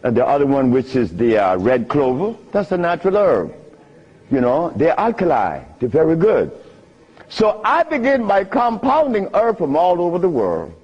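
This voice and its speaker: An older man with a husky voice tells stories to an audience in an animated way, laughing often. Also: a little high, normal speed. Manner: animated, laughs often, sing-song emphasis. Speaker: speaker giving a talk. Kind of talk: storytelling lecture to an audience. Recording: dull lo-fi archive recording.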